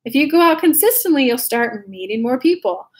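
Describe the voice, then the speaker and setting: A young woman from California chats her way through a horoscope card reading, friendly and upbeat. Her voice sits a little high, and she talks in a loose, conversational way. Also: sing-song, brisk, breathy edge. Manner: chatty and upbeat, laughs at her own slips. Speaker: intuitive card reader.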